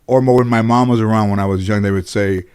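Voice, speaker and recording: A middle-aged man from the Los Angeles area, a talk show host telling comic stories about his childhood, animated and swearing freely. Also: on the low side, fast talker, smooth. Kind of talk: comic storytelling.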